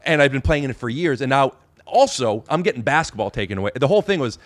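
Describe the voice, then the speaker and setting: A man's voice: mid-range voice, lively intonation, fast, no echo. A man hosting a podcast in casual chat, talking in rambling bursts full of restarts and hesitations. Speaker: podcast host.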